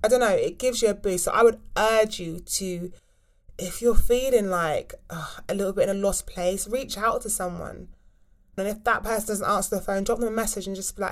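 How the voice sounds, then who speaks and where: Chatty mum giving frank tips. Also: female voice, mid-range voice. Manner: chatty, frank and animated, with quick asides. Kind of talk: casual advice chat to camera.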